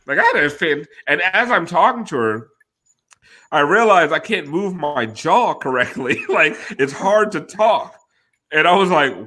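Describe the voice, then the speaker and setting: A man's voice: on the high side, expressive, normal speed, pushed and bright. A man telling a rowdy, profane story on a casual chat show, laughing often.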